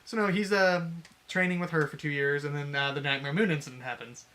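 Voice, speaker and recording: A man's voice: on the high side, brisk, sharp tone. A man casually retelling a fanfic plot on a podcast, laughing and swearing as he acts out the lines. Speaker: podcast co-host.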